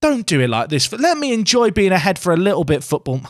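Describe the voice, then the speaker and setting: A man's voice: high-pitched, sing-song, fast talker, dry recording, studio quality. A young man giving casual, self-mocking commentary on a game he is playing and talking back to it. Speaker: gaming YouTuber.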